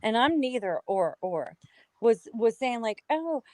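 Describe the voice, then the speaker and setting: A woman's voice: a little high, expressive, unhurried, no room sound, rough recording. A woman from the United States, a guest in a heated casual talk, ranting angrily and swearing constantly. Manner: angry, profane ranting.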